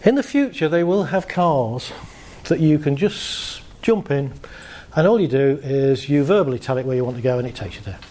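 A man's voice: on the high side, moderate pace. A man giving a playful live motivational talk to an audience, telling jokes and stories. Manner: playful, joking, animated storytelling. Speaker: motivational speaker.

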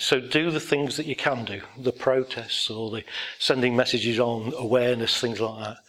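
A man's voice: mid-range voice, fairly bright tone. A man giving a motivational talk to an audience, blunt and rambling, telling anecdotes with self-deprecating laughs.

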